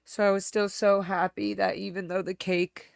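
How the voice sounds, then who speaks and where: A woman's voice: medium pitch, flat delivery, normal speed, creaky, clear, resonant tone, dry recording, studio quality. A woman hosting a livestream, telling a personal story in a casual, candid, rambling way that often trails off and restarts. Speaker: livestream host.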